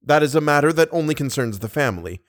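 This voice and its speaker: A male narrator voicing an anxious, earnest young nobleman who answers softly. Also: fairly high pitch, lively intonation, quick pace, no echo, clean studio sound, pitched above the performer's own voice, close to an everyday voice. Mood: subdued.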